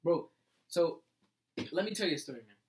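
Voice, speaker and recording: A young man co-hosting a casual podcast, telling animated school stories full of "like" and "bro.". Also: on the high side, normal speed, low-quality recording. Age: young adult. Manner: animated storyteller, fills with "like" and "bro". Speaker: podcast co-host. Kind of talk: casual chat.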